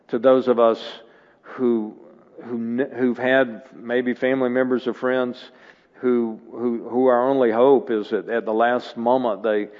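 A man preaching a sermon as a guest preacher, earnest and rising to emphatic bursts. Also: medium pitch. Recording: dull sound with long hall reverb.

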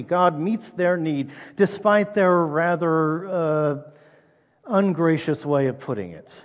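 A man preaching a sermon in a relaxed, conversational way, asking the listeners rhetorical questions. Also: high-pitched. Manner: conversational, reads scripture aloud, asks rhetorical questions. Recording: reverberant dull-sounding hall.

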